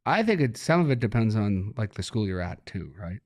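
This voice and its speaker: A low-pitched man talks loosely as an interview guest. His stories ramble and he chuckles through them. The sound is dry and close, with no room around it. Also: big pitch swings, a little fast, darkish tone, no room sound. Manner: laid-back, rambling, laughs while telling stories. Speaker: hockey coach, guest. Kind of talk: relaxed interview talk.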